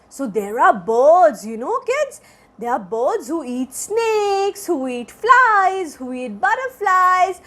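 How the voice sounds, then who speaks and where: A woman's voice: very high-pitched, sing-song, slow pace, fairly bright tone. A woman teacher reading a picture book aloud to small children in a coaxing, sing-song way, asking them questions and acting out bird sounds. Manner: acts out bird sounds between lines.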